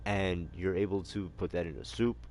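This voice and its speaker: Man, low voice, casual chat, profane, animated storyteller. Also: moderate pace, a little hiss or hum. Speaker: stream co-host.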